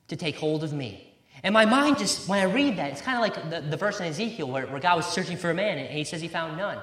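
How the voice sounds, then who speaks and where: A man's voice: high voice, lively intonation, normal speed. A man preaching a sermon with emphasis, repeating key words and quoting scripture in old-fashioned wording. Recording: roomy echo.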